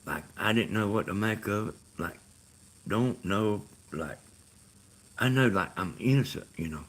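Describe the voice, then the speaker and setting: A middle-aged Southern man from Georgia hosts a live stream in a rambling, easygoing way. His voice sits low and carries a husky grain. He wanders through his thoughts with plenty of "you know.". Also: animated, unhurried. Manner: meandering, full of "you know" and "like". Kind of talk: rambling casual chat.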